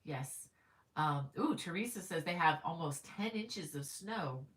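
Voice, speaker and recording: A woman's voice: fairly low pitch, animated, unhurried, fairly bright tone. A middle-aged woman hosting a crochet live stream in casual chat. She is chatty and upbeat, greets viewers by name, and fills her talk with ums and restarts. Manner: frequent ums and self-corrections. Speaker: crochet livestream host.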